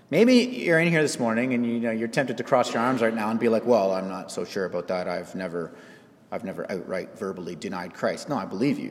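A man pastor preaching a sermon in a church, lively and animated, putting on voices for the people he quotes. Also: in a large hall. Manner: animated, acts out quoted voices with big pitch jumps. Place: church sanctuary.

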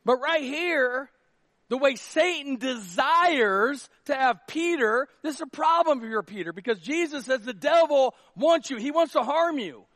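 A man's voice: very high-pitched, a little slow, no echo, clean studio sound. A man, a pastor, preaching a casual, humorous sermon and acting out little scenes. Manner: animated, jokey, acts out quotes.

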